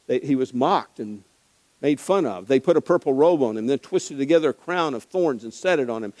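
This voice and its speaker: A male pastor preaching a conversational sermon that swings between hushed, grave moments and impassioned emphasis. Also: mid-range voice, animated, a little fast, big-room sound, poor audio.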